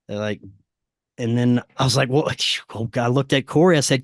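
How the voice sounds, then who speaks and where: A man, a podcast guest, telling a personal story casually, dropping to a quieter voice when he quotes what was said. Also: mid-range voice, a little fast, no echo, clean studio sound. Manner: acts out quoted dialogue in a quieter voice; frequent fillers and restarts, animated retelling.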